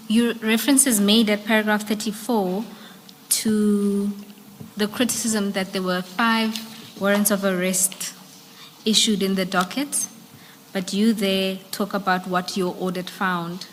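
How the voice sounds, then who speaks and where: A woman leading evidence at a formal hearing, putting questions to a witness in an even way, filling pauses with um. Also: mid-range voice. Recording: echoey hearing room with faint room noise.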